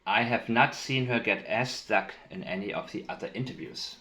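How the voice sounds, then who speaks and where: A man commenting on interview clips, speaking in a deliberate, emphatic way and repeating key phrases. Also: lowish voice, sharp tone, roomy sound. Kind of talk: analytical commentary with played clips.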